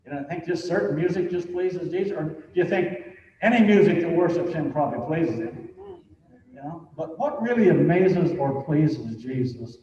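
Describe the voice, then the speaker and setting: A pastor preaches a sermon in a church sanctuary, his voice a little high, animated, dark in tone, and at a moderate pace. He speaks conversationally, sprinkling in many "you know"s as he builds to emphatic points. The recording is distant and dull, with the echo of a church hall.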